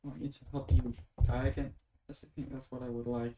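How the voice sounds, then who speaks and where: A lost and frightened young sprite girl, as a reader puts her on for a webcomic reading, sorrowful and pleading, always close to tears. Her voice sits a little lower than the reader's own. The room adds a roomy echo. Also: flat delivery, quick pace, noisy background, natural voice. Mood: hopeless. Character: grieving young female sprite, lost and scared.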